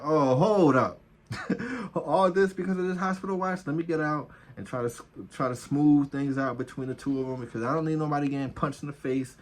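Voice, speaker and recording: Laid-back man telling a profane story. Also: mid-range voice. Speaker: vlogger, former officer. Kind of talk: casual storytelling.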